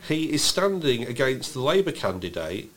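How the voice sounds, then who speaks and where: A man co-hosting a casual political podcast, telling stories with incredulous, animated delivery and frequent laughter. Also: mid-range voice, normal speed, slight background noise. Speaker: podcast co-host.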